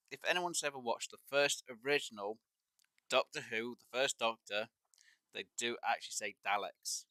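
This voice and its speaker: While live-streaming a fishing game, a man with a medium-pitched, bright, forceful voice chats casually and at length. He's opinionated and rambles, with plenty of filler words, and there's no room sound.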